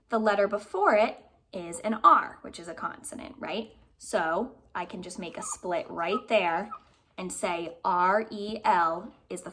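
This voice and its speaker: A woman teacher giving a remote phonics lesson to young pupils, talking clearly, patiently and encouragingly. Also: on the low side, a bit bright. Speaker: elementary school teacher.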